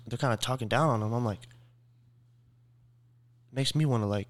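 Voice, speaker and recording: Young male podcast guest, mid-pitched, halting and slangy. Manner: halting, restarting, slangy and candid. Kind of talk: casual podcast chat.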